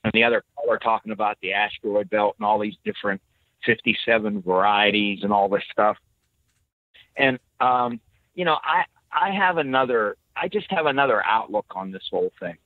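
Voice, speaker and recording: A man calling into a talk show, sharing his views in a halting way with many fillers. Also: on the low side, expressive, no echo. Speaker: caller. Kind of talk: casual phone-in chat. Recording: tinny phone line.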